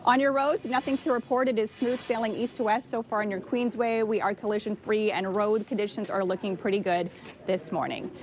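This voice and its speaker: A woman's voice: medium pitch, fairly even intonation, brisk, slight background noise. A woman giving a live, upbeat weather report from outdoors in winter. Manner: upbeat, chatty forecast delivery. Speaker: weather presenter.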